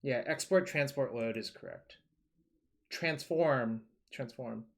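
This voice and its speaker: In casual live-stream commentary over a card game, a man thinks aloud, talks loosely, and swears occasionally. His voice is medium in pitch and slow.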